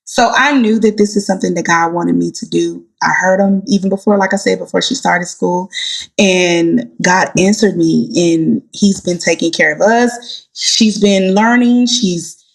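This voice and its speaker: A woman, a gospel singer, chatting as a guest and telling heartfelt stories with animated delivery. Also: fairly low pitch, unhurried, vocal fry. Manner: animated, heartfelt storyteller, addresses listeners as y'all. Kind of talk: casual interview chat.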